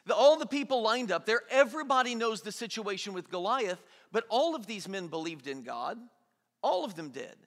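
Male pastor, bright and forceful, lively sermon delivery that acts out the characters. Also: high-pitched. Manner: animated, acts out quotes in everyday voices. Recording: long hall reverb.

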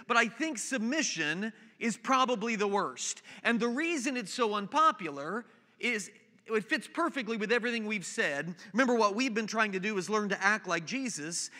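Bright-voiced pastor in a reverberant hall. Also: male voice, high-pitched. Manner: conversational preaching with storytelling asides. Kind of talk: sermon.

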